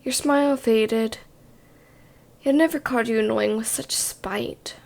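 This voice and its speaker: Gravelly woman in whispered role-play. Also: on the high side, a little slow. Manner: hushed second-person narration. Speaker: storyteller.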